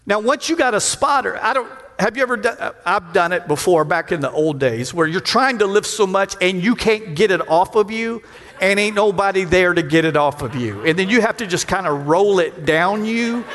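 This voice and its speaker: A middle-aged man preaching a sermon, calling out to the congregation for responses and acting out voices with sudden shouts. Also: expressive, moderate pace. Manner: acts out quoted voices with big pitch jumps and shouts. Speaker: pastor. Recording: long hall reverb.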